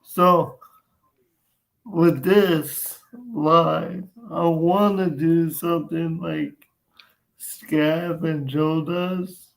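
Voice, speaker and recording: Slow, gravelly-voiced man chatting. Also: on the high side, fairly even intonation, rough recording. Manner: halting, restarts often. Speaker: podcast host. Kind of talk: casual chat.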